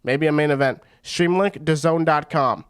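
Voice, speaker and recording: A man hosts a fight watch-party stream, talking in a slightly raised pitch. He rambles excitedly and drops slang like "bro" as he calls the action. His commentary stays loose and conversational. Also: moderate pace, smooth. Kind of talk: casual fight commentary on a livestream.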